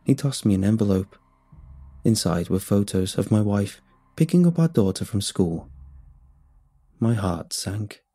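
A man's voice: lowish voice, animated, unhurried, long pauses, warm tone, slightly rough. A man reading a first-person horror story aloud in a dramatic, suspenseful way.

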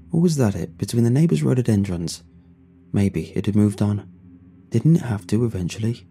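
A man narrating a first-person horror story in a hushed, tense and grief-laden way. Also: lowish voice. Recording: soft music underneath.

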